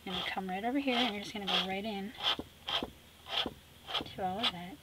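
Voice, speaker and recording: Middle-aged woman, art tutorial host, playful teasing manner, soft whispered asides, mid pitch, audible noise. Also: normal speed. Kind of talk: painting demonstration narration.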